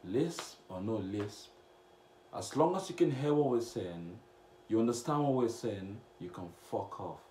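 A young man from Cameroon, chatting casually as he reacts to comments on his vlog, blunt and slangy with sudden loud outbursts. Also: fairly low pitch, lively intonation, measured pace. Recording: echoey room with faint noise.

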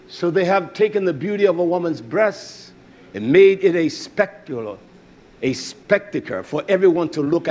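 Man preaching, fiery sermon, high voice, wildly lively pitch, shouts then mutters. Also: breathy edge. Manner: swings from shouting to low mutters, crude and blunt.

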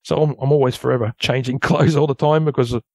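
A man with an Australian accent, a guest telling a long story in a rambling, casual way that turns animated at the tense parts. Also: medium pitch, fast talker, dry recording. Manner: rambling, loose storyteller who grows animated at tense moments. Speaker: guest recounting an encounter.

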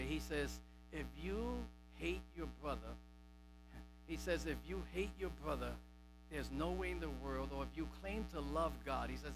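A man's voice: on the high side, poor audio. A male pastor preaching a sermon emphatically, repeating and stressing key words. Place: church sanctuary.

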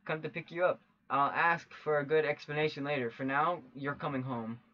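A man's voice: fairly high pitch, fairly even intonation, brisk, sharp tone. A man reading a stern young man who lectures his friend in a game. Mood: firm. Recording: dull lo-fi with faint game music.

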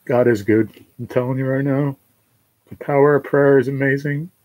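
A man talking to his livestream viewers, halting and emotional, choked up with tears of joy. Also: mid-range voice, steady tone, dry recording, phone-quality sound. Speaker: livestream host.

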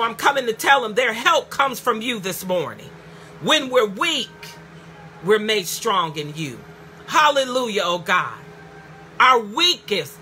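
A woman pastor preaching a fervent sermon, calling out hallelujah and rising to shouts. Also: fairly high pitch, a little hiss or hum.

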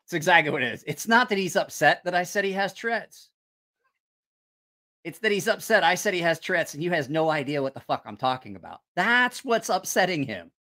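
Man, livestream host, casual chat, profane, rambling, lively pitch, bright. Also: fairly quick. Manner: rambling and profane, reacting to comments. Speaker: channel host.

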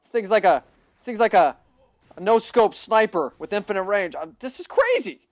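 A man giving excitable live gameplay commentary, boasting, repeating himself and bursting into loud yelling. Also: sits high, moderate pace, dry recording, studio quality. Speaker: gaming livestreamer.

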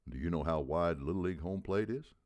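A man with a very deep voice playing a gruff, blunt baseball coach in his seventies who barks out rhetorical questions. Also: fast talker, a little mellow, lightly acted. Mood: barking. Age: 70s. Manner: barking, booming rhetorical questions.

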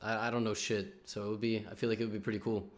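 A man hosting a podcast in casual chat, laid-back and quick to laugh, using casual slang. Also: fairly low pitch, flat delivery. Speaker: podcast host.

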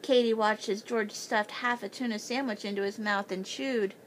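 A woman's voice: medium pitch, steady tone, moderate pace, a little hiss or hum, rough recording. A woman reading a children's chapter book aloud as a bedtime story, lifting her voice for the children's lines.

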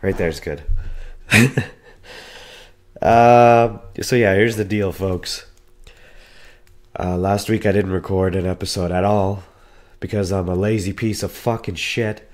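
A man with a sick, hoarse voice hosting his own podcast in casual talk, swearing and running himself down. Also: sits low, steady tone, measured pace, a little mellow. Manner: self-deprecating, swears casually. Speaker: podcast host. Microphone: podcast mic.

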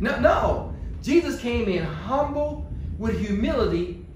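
High-voiced preacher in an echoey church. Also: male voice, lively intonation, normal speed, a little mellow, slight background noise. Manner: call-and-response preaching, rhetorical questions. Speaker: pastor. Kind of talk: sermon.

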